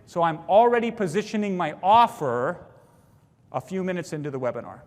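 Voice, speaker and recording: High-voiced man teaching in a hall. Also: sing-song, a little fast. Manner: punchy, emphatic, quotes his own pitch lines. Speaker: sales trainer. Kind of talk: teaching a live seminar.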